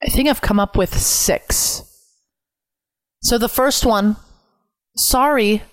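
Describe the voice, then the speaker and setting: A woman's voice: on the high side, slow, dry recording. A young woman from Canada hosting her own podcast at home, talking earnestly and reflectively, repeating phrases for emphasis. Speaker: podcast host. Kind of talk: solo podcast talk. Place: home room, window open.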